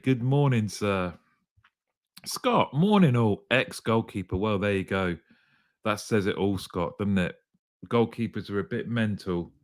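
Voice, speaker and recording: Brief: male live-show host, upbeat and jokey, slightly croaky, lowish voice, dry close sound. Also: no room sound. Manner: upbeat, greets viewers by name, jokey. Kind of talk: live show chat reading comments.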